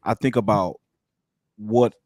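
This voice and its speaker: A man's voice: fairly low pitch, fairly even intonation, takes it slowly, a little mellow, no room sound, studio quality. A man hosting a live stream, musing aloud in a casual, rambling way with frequent restarts. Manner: thoughtful, rambling, with many restarts.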